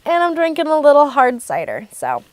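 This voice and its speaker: A woman's voice: sits high, normal speed, dry recording. Bubbly woman hosting a craft podcast. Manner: bubbly and excitable. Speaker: podcast host. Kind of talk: casual chat.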